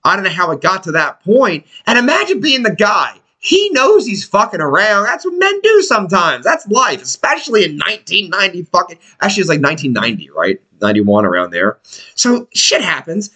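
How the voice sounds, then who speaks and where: A man's voice: high-pitched, sing-song, brisk, sharp tone. A man telling a story in casual, profane chat and acting out the people in it.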